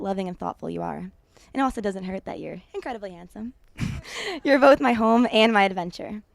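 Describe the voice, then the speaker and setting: Teary young bride with a gravelly voice. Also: female voice, medium pitch, darkish tone, no echo. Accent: American. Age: young adult. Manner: tender, emotional reading. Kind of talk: reading wedding vows.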